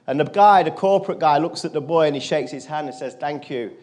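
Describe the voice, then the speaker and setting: A man, speaking earnestly to an audience as a motivational speaker and telling a personal story. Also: quick pace. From England. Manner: earnest, drops his voice low and quiet for quoted lines.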